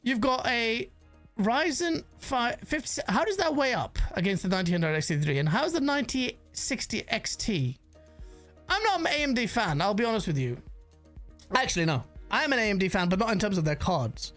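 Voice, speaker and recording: A woman's voice: fairly high pitch, sing-song, moderate pace, a bit bright, soft background music. A woman giving casual, rambling livestream commentary on gaming news, swearing freely and reacting to chat messages.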